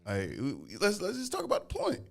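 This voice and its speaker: A man co-hosting a podcast, talking casually with plenty of laughter. His pitch swings widely as he jokes and reacts. It sounds like a studio set up with cameras. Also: fairly quick, vocal fry. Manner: animated, laughs often. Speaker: podcast co-host.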